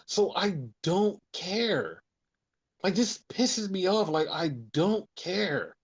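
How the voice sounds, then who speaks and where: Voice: medium pitch, animated, takes it slowly, slightly rough, dull audio. A podcast co-host in casual chat, ranting with heavy swearing and lots of repetition. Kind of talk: casual wrestling review chat.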